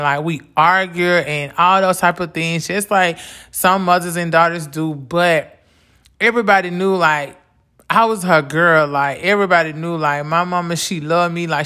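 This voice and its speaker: Bright-voiced woman sharing her grief. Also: fairly low pitch. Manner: casual, repeats "like" often, earnest. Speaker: podcast host. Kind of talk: heartfelt personal talk on grief and faith.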